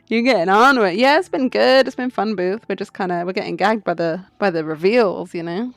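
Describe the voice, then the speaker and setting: A woman's voice: medium pitch, moderate pace, few pauses, dry recording, soft background music. A woman streaming a game playthrough, chatting casually and thinking aloud.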